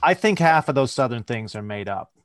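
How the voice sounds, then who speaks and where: A man's voice: mid-range voice, lively intonation, fairly quick, a bit bright. A male podcast host asking questions and cracking wry jokes in casual conversation. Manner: joking, asks questions, wry.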